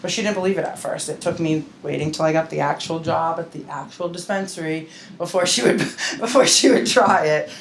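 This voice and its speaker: A woman's voice: low-pitched, brisk, vocal fry, slight background noise. A woman speaking as a patient advocate at a seminar, chatty and frank with joking asides. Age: adult with a grown-up mother. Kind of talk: casual seminar talk. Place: seminar room at a wellness center. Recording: echoey room with faint ambience.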